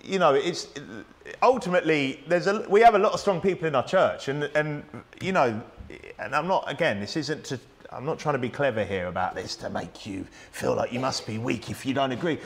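A man's voice: medium pitch, brisk. A man preaching a sermon, conversational and emphatic, often asking his listeners rhetorical questions.

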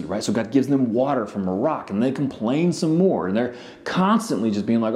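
A man's voice: mid-range voice, big pitch swings, a little fast, darkish tone. A male pastor preaching in a conversational, storytelling way, with frequent asides to the congregation. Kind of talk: sermon.

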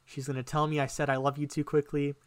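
A young man casually telling a personal story on a podcast, animated and emotional, swearing often. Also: fairly high pitch, fast talker, no echo. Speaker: podcast co-host.

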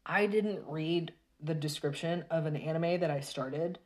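A woman talking casually to her viewers in a rambling, exasperated rant full of halting restarts. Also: deep voice, darkish tone.

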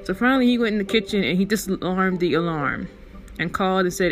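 Soft music plays behind a woman hosting her own show, her voice mid-range and her delivery fast. Casual and chatty, she rambles through a personal anecdote with plenty of animation.

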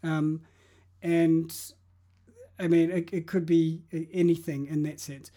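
A man's voice: fairly high pitch, little pitch movement, slow pace, dark tone. A man talking through how to change habits in an interview, reflective and explanatory, often restarting his sentences. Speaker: guest.

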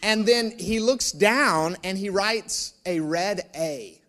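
A male pastor preaching, telling a personal story in an animated, self-mocking way with asides to the room. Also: sits high, slow pace.

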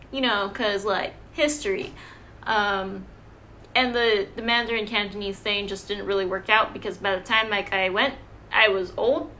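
Bright-voiced young woman telling stories. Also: mid-range voice, normal speed, slight background noise. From Hawaii. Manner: animated, self-deprecating storyteller with frequent "um" and "like". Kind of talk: casual chat.

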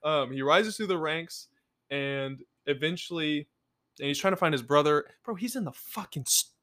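Animated, high-voiced young man on a podcast. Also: normal speed. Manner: animated and critical, swears freely. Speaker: podcast co-host. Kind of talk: casual chat.

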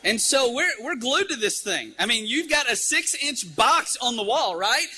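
A middle-aged man preaching a sermon, telling a lively story and acting out the scenes. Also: very high-pitched, normal speed, a little hiss or hum. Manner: animated storyteller, acts out scenes.

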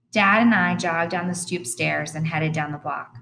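A woman's voice: fairly low pitch, moderate pace, hardly any pauses, a bit bright, slight background noise, poor audio. A woman narrating an audiobook in the first person with earnest, plain storytelling.

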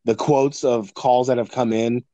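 A man's voice: medium pitch, steady tone, a little slow, mellow, no room sound, muffled recording. A man co-hosting a podcast in casual chat, rambling, swearing freely and laughing often. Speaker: podcast co-host.

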